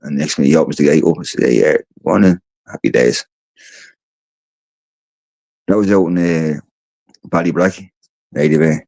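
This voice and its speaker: A tired Irish man hosting a livestream from home speaks fast in a very deep, slightly mellow voice with fairly even intonation and no room sound. He tells loose, rambling stories, swearing freely and repeating his words.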